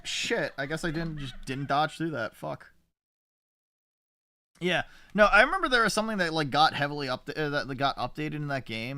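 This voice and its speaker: A man's voice: lowish voice, bright, forceful tone. A young adult man giving casual, chatty commentary while streaming a game, swearing often and talking to his chat.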